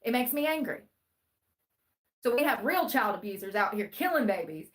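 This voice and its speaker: A woman live streamer with a high-ish, very animated voice offers true-crime commentary at normal speed. She reads the news aloud, rambling and sarcastic.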